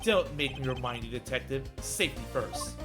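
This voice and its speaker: Stiff formal prosecutor, lively pitch, game music under it as a man does it. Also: normal speed, natural voice. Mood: composed. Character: composed, formal male prosecutor.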